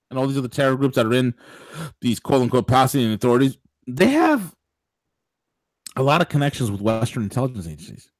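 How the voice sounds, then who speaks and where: A man hosting a political talk show, speaking in an animated, digressive way with laughing asides. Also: medium pitch, no room sound. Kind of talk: political talk radio commentary.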